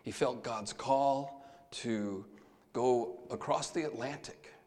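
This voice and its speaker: A man preaching a sermon, moving between soft, hushed lines and loud, emphatic calls. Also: mid-range voice, slow. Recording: long hall reverb.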